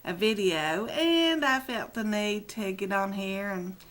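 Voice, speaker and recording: A middle-aged woman vlogger chats casually to her webcam, rambling and poking fun at herself while teary and close to crying. Her voice is medium in pitch, unhurried and a bit bright.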